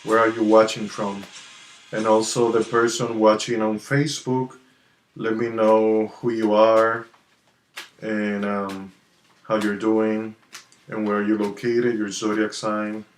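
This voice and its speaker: A man with a low voice, little pitch movement and a slow pace hosts a livestream tarot card reading, chatting casually and greeting viewers one by one. Soft, relaxing music plays behind him in a roomy-sounding recording.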